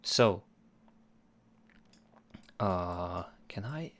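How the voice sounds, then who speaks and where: A man's voice: deep voice, animated, very slow, fairly bright tone. A man hosting a music production livestream, chatting playfully with viewers in a rambling way. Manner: playful, rambling, chuckles often. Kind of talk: casual livestream chat with viewers.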